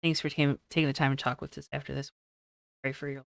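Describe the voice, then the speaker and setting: Low smooth-voiced woman doing a post race interview, friendly and reassuring, dry close sound. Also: little pitch movement, fast, no room sound. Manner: friendly, reassuring, rambling questions.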